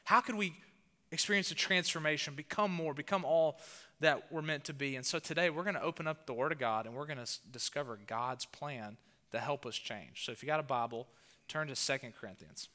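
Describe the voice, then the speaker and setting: A man's voice: a little high, brisk, big-room sound. A man with a Southern US accent, preaching a sermon in a church and telling stories with rising emphasis. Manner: animated storytelling with rising emphasis. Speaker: pastor. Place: church hall.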